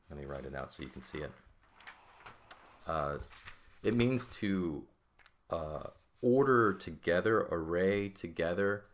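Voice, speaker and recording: A man's voice: deep voice, a bit bright. A man teaching a recorded language lesson, explaining step by step and often checking with "right?" and "okay?".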